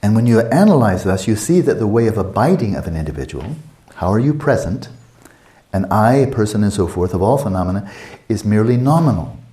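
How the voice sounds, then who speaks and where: A man's voice: lowish voice, warm tone, roomy sound. An older man giving a meditation teaching at a retreat, conversational and playful, acting out little quotes.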